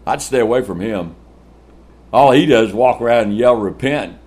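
A man preaching a sermon, swinging from shouted lines to hushed ones and laughing often. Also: medium pitch, animated, moderate pace.

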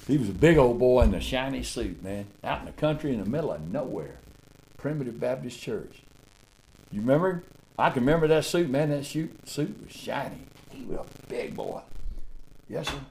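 Preaching in a folksy, emphatic style, an older man swings from loud proclamation to soft asides, stretching and repeating phrases and restarting with stammers. His medium-pitched voice is expressive and creaky.

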